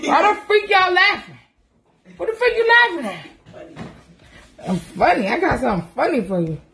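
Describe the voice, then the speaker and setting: A mother vlogging from her home kitchen in a high, bouncing voice that swoops up and down. She talks casually to her viewers, joking and laughing through her words. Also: creaky, background noise. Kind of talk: casual chat to camera.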